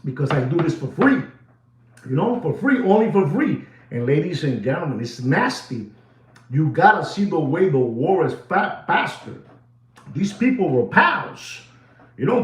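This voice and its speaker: A high-pitched man rants in a rambling, excitable comic style, hosting a watch market show. He sounds distant and echoey, with a dull, muffled recording. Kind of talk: comic rant.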